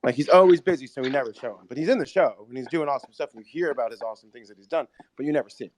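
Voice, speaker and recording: A screenwriter and show creator chats on a casual podcast, speaking rapidly and enthusiastically with lots of fillers. His mid-range voice is a little mellow, with no room sound.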